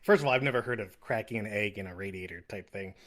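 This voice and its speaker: A man co-hosting a podcast, chatting in a relaxed, rambling way about a film and laughing as he retells scenes. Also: lowish voice, fast. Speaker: podcast co-host. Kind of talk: casual film review chat.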